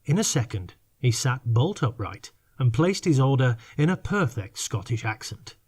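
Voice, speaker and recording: A man narrating a fiction audiobook in measured, unhurried reading. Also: medium pitch, sing-song, a little mellow, slightly rough. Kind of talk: scripted narration.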